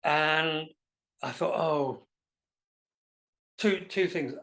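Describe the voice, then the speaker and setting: A man, a guest musician telling self-deprecating stories in a relaxed interview. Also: a little high, very slow, gravelly. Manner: animated anecdotal, self-deprecating. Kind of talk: casual storytelling interview.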